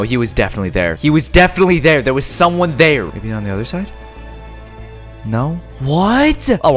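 A young man giving casual gameplay commentary straight to his viewers, full of slang. His pitch swings widely, and he gasps and yells whenever something startles him. Faint music plays underneath. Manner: jumpy, excitable, gasps and yells when startled. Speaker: gaming YouTuber.

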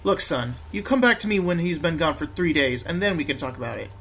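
A man voicing a lazy, corrupt London policeman who talks in loud, scornful slang. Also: on the high side, animated, brisk, breathy edge, heavily acted. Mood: brash.

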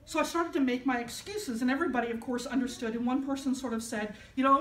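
A woman's voice: high voice, quick pace, a bit bright. A woman minister gives a conversational, storytelling sermon. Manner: conversational, storytelling, self-deprecating. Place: church sanctuary. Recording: echoey church from a distance.

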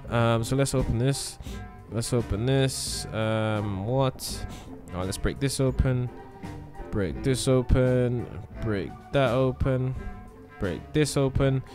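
A man hosting a gaming channel, giving let's-play commentary in an excitable way, often exclaiming and thinking aloud. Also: mid-range voice, slow, over music.

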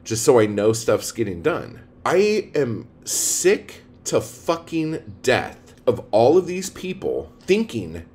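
A man, a poet and writing coach, delivering a profane, blunt rant that swings between low mutters and loud outbursts. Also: wildly swooping pitch, slow pace, few pauses, a little hiss or hum. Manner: profane, blunt, heated ranting. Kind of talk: ranting video monologue.

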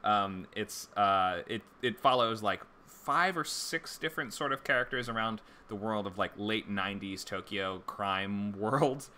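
A screenwriting instructor gives a casual livestream lecture in a loose, conversational style packed with fillers and restarts, all while fighting the hiccups. His voice is on the low side, bright and forceful, at a measured pace, with a little hiss or hum in the background.

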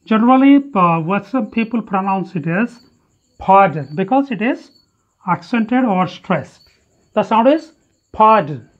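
In a dull lo-fi recording, an English teacher with an animated mid-range voice works through a phonetics lesson at a measured pace. Example words are drilled one at a time, and mispronunciations get corrected.

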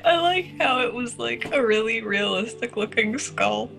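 A woman's voice: a little high, expressive, a little slow, vocal fry, a bit bright. A woman guiding a friend through a game in casual chat, teasing and giggly.

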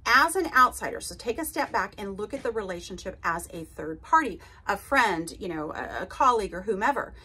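Husky-voiced woman coaching with emphasis. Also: mid-range voice, animated, fairly quick, few pauses, bright, forceful tone. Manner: emphatic and chatty, with frequent "okay?" and "right?" check-ins. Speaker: podcast host and narcissistic abuse recovery coach. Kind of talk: casual advice talk to listeners.

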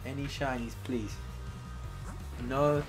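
A young man, streaming games on a desk mic, bursting into shouted reactions and then muttering low asides. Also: steady tone, slow pace, over music. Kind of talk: excited shiny-hunt reactions.

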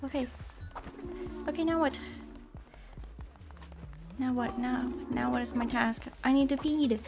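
Over game music, a woman live-streams her gameplay and chats casually, bubbly as she apologizes and says hello to viewers by name. Her voice is high and creaky, with fairly even intonation and a measured pace.

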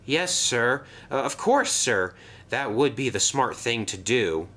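A man voicing a cheeky prankster steam engine in a lifted, sly, quick voice. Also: medium pitch, very animated, sharp tone, exaggerated voice.

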